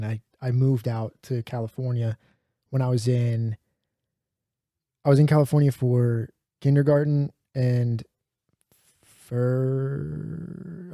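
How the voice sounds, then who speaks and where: A man's voice: medium pitch, dark tone, dry recording, clean studio sound. A man from Saint Louis co-hosting a podcast, asking questions and teasing in casual chat. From Saint Louis, Missouri. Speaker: podcast co-host.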